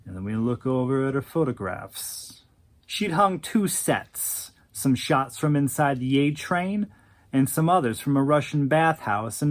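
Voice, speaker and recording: Woman reading a story, slow, lots of ups and downs in her voice. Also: low voice. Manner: unhurried, expressive storytelling. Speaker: narrator. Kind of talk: scripted oral-history narration.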